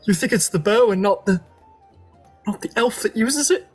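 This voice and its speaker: A game master voicing a self-doubting young male elf archer who stammers and breaks into high, cracking notes. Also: big pitch swings, husky, faint music behind. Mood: pleading. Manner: halting, stammering, voice cracking upward.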